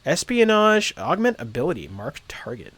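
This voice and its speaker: A man's voice: on the high side, huge pitch swings, moderate pace, a bit bright. A man streaming a role-playing game live, chatting casually with lots of fillers and reading game text aloud. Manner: rambling, lots of uhs and ums.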